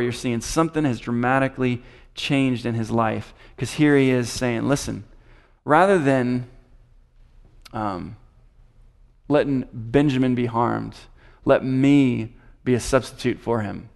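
A man's voice: medium pitch, steady tone, moderate pace, gravelly. A man teaching a Bible passage, reading scripture aloud and commenting on it with frequent restarts. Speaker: preacher.

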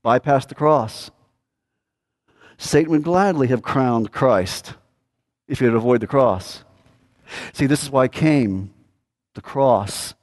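A male pastor preaching a sermon, emphatic and repetitive, swinging from loud declarations to a hushed, earnest plea. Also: mid-range voice, takes it slowly, pauses often.

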